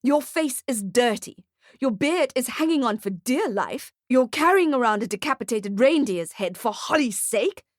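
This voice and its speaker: A woman's voice: a little high, lively intonation, normal speed, dry recording, studio quality, voice pushed up. A woman voicing a weary male boss who scolds firmly in an audiobook. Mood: stern. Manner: firm, scolding.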